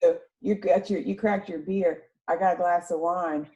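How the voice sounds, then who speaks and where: A woman's voice: on the low side, moderate pace, muffled recording. A woman from North Florida with a Southern accent, hosting a casual chat and telling stories with frequent laughter. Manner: laughing, lively storyteller. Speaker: podcast host.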